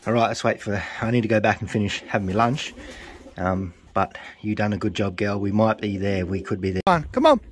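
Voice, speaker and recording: A man vlogging his pigeon race day in casual running commentary, who gets loud and excited as birds arrive. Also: fairly low pitch, fairly quick, background noise. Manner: excitable, cheers birds home loudly.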